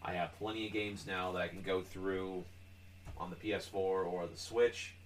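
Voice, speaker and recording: A man with a somewhat low voice talks casually on a gaming podcast. He explains in a loose, rambling way, with lots of filler words. It sounds like relaxed chat between friends. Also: normal speed, a little hiss or hum. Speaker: podcast co-host.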